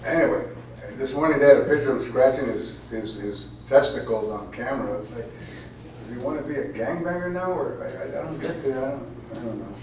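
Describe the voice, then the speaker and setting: Heard from a distance in an echoey room, a man with a mid-range, slightly mellow voice talks a little fast at a college event. This poet's informal remarks ramble with repeated words, and then he reads his poem intensely and emphatically, with a little hiss or hum in the audio.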